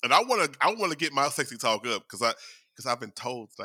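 A man's voice: sing-song, fast talker, breathy edge, no room sound, clean studio sound. Playful man co-hosting a chat podcast. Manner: playful, laughing, swings to loud high outbursts. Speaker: podcast co-host. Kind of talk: casual chat.

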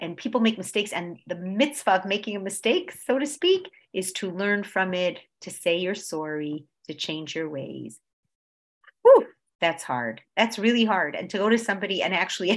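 A woman leads a conversational religious class. She swings from loud, emphatic peaks to soft, low stretches, and often checks that her listeners are following. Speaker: Torah class teacher.

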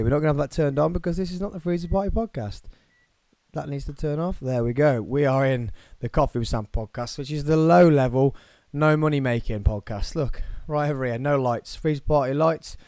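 Male podcast host, solo, excitable rambler, dead-dry studio sound, mid pitch. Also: no echo. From United Kingdom. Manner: excitable, rambling, self-mocking. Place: his own small studio, alone.

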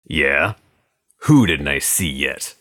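A man's voice: extremely low pitch, unhurried, a bit bright, heavily acted. A man voicing a hard, wary male gangster on the run, in clipped, guarded tough-guy talk. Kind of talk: audiobook character voice.

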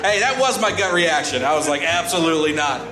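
A male stand-up comedian telling a story on a club stage, animated, with sudden jumps in his voice. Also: high-pitched, fairly quick, a crowd in the background. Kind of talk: stand-up set. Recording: echoey live club with music.

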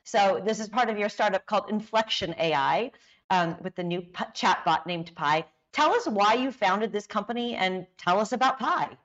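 A woman interviewer who asks measured questions and sets them up with background context. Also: medium pitch, expressive, a bit bright. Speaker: interviewer, technology editor. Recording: dull, slightly lo-fi sound.

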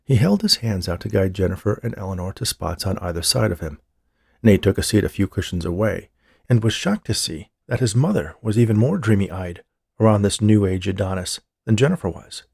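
A man narrating an audiobook in a steady, even storytelling manner. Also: on the low side, fairly quick, creaky, breathy edge, no room sound, clean studio sound. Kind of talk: scripted narration.

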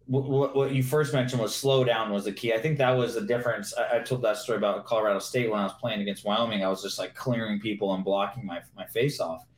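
Animated storytelling man, roomy sound. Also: fairly low pitch. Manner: animated, quick anecdotes. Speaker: podcast guest, former pro football receiver. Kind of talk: casual storytelling interview. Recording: roomy echo.

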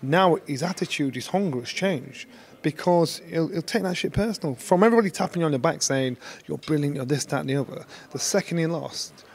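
A man giving blunt, animated opinions on boxing in a casual podcast chat. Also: a little high, a little fast, vocal fry. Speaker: boxing pundit.

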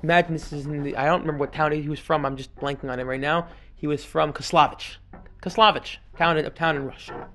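A man teaching a Talmud class as a rabbi, telling stories in an animated way and swinging between loud and hushed delivery. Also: fairly high pitch, fast talker. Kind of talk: lively classroom lecture.

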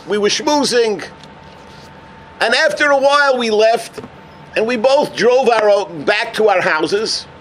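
A man delivering a sermon as a rabbi. He tells a story with Yiddish and Hebrew terms and builds to emphatic, near-shouted points. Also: high-pitched, slight background noise. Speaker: rabbi giving a Torah talk.

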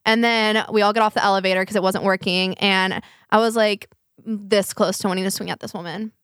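A young woman co-hosting a podcast, casually retelling a fight in a lively, profane way. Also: mid-range voice, a little fast, smooth, dry recording, clean studio sound. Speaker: podcast co-host. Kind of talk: casual storytelling chat.

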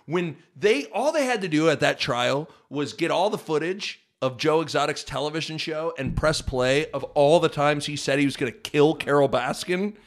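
A man co-hosting a podcast, chatting casually in an animated, rambling and emphatic way. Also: fairly high pitch, normal speed, few pauses. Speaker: podcast co-host. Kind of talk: casual chat.

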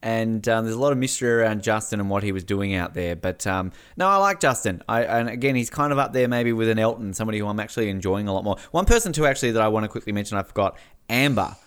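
A man's voice: fast talker, smooth. A man with an Australian accent who hosts a podcast. He chats casually and acts out quotes as he talks. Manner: animated, swings between high and low, acts out quotes. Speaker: podcast host. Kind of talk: casual chat.

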